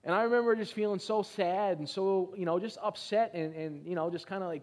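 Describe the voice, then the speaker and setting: A middle-aged man preaching in a high-pitched voice. He exhorts his congregation to answer him back and reads scripture with heavy emphasis, stretching out the key words. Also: fairly quick, few pauses. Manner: exhorting, calls for congregation responses. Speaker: pastor. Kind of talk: sermon.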